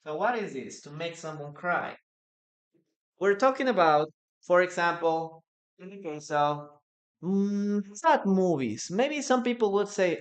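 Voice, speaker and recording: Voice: mid-range voice, lively intonation, measured pace. A teacher gives a live online English lesson, repeating example phrases and reading out student comments. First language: Spanish.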